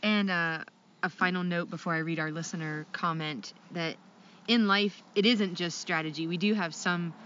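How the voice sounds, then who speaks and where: A woman's voice: on the low side, fairly even intonation, moderate pace, a bit bright, dull audio, slight background noise. A woman from Ohio co-hosting a casual podcast, friendly and giggly as she reads listener mail and wraps up the show. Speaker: podcast co-host.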